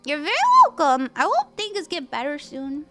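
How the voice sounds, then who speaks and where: A young woman reading tarot on a live stream, gentle and reassuring, laughing easily. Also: high voice, big pitch swings, normal speed, soft background music. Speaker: tarot reader.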